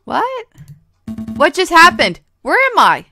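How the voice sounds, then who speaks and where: A woman's voice: very high-pitched, huge pitch swings, slow, vocal fry, bright, forceful tone, faint music behind, pitched above the performer's own voice, exaggerated voice. A woman voicing a stubborn, flustered young male lawyer in a game.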